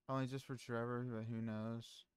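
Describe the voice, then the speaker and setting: On a clean, echo-free studio recording, a man with a medium-pitched, level, smooth voice streams and chats casually with viewers. He talks fairly quickly and rambles, full of fillers and restarts, while reading the chat aloud.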